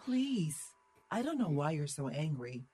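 Woman doing a slow pleading fake-mom AI, kinda low. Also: sing-song, mellow, faint music behind. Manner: pleading, feigned innocence. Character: AI mimicking a pleading mother.

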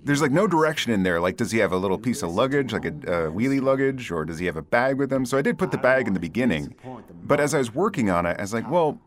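Lively laughing podcast host, man. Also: medium pitch, quick pace. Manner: lively, laughs often, many fillers. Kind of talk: casual chat.

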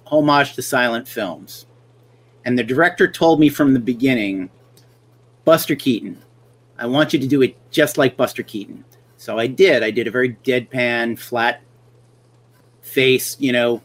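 A man's voice: medium pitch, a bit bright. Wry middle-aged man telling stories. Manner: wry storyteller who acts out quoted lines. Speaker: podcast host. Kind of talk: casual chat.

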